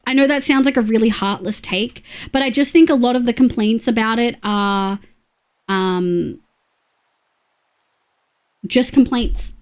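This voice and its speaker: A woman's voice: fairly high pitch, measured pace, pauses often. A young Australian woman streaming live, chatting casually and bluntly with her chat while she plays, greeting viewers and humming as she builds.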